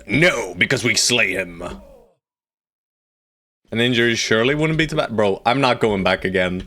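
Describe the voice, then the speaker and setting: Low-voiced man, unhurried playful game commentary. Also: fairly bright tone. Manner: playful, talks to his units, swears casually. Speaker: streamer playing a strategy game. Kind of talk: live gameplay commentary.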